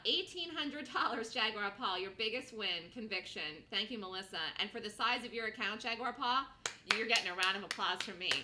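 A woman hosting a live day-trading show, giving rapid, repetitive play-by-play of her trades and gasping and squealing as prices move. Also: mid-range voice, bright, forceful tone, slight background noise.

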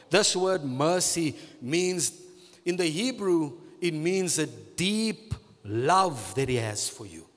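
A man preaching a sermon as pastor, repeating phrases and stretching key words slowly for emphasis. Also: on the high side, expressive, big-room sound.

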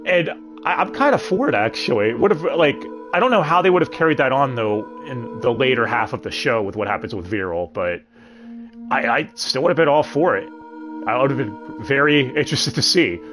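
A man's voice: mid-range voice, animated, fairly quick. A man hosting a casual review show, talking in a chatty way with joking asides. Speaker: host. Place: home streaming setup. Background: background music.

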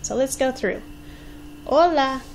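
A woman in her forties leads a children's Spanish lesson, her slightly raised voice moving at an unhurried pace. She models each phrase carefully and encourages her students to say it along with her. A faint hiss of ambient noise sits behind her. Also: high voice, rough recording. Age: 40s. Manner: patient, encouraging, models words slowly for children to repeat. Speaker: elementary Spanish teacher. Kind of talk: slow, clearly enunciated language lesson.

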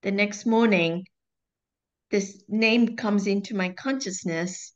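A woman who hosts and writes books, talking in a lively, animated way and laughing often as she acts out her own thoughts. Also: medium pitch, slow pace, lo-fi sound. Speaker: author and show host. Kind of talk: conversational interview.

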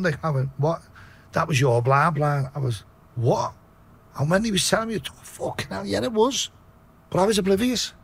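A man's voice: a bit bright, slightly rough. A middle-aged man with a Liverpool accent, telling his story in a blunt, sweary interview. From Liverpool, England. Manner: blunt, sweary, low-voiced retelling. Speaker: podcast guest.

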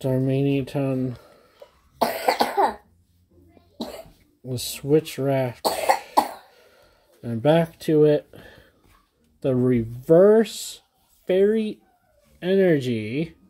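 Chatting casually to viewers at home, a man in his thirties opens trading card packs and gets excitable, gushing over each card he pulls. His voice is mid-range.

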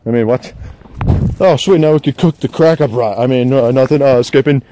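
A man's voice: medium pitch, a little fast, warm tone, slight background noise. A young man joking around and narrating to the camera while hiking outdoors on a mountain trail. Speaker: vlogger. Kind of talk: casual hiking vlog. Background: music.

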